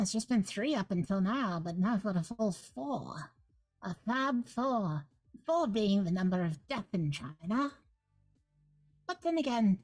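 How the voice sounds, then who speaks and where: A woman's voice: medium pitch, no room sound, poor audio. A woman running a tabletop game as guest game master, chatting in a playful, joking, rambling way on a livestream. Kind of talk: casual livestream chat.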